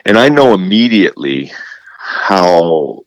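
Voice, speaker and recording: A man with a rather deep voice tells his stories with energy and plays every quoted line aloud. He repeats himself and often restarts his sentences. The recording is close and dry, with no room sound. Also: slow pace, no echo, low-quality recording. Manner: animated storyteller who acts out quoted dialogue. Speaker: guest, television presenter. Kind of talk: casual faith interview.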